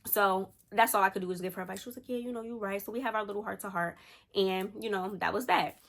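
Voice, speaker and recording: A woman vlogger telling a personal story in a chatty, animated way, slangy and talking straight to her viewers. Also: mid-range voice, quick pace, creaky. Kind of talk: casual storytime.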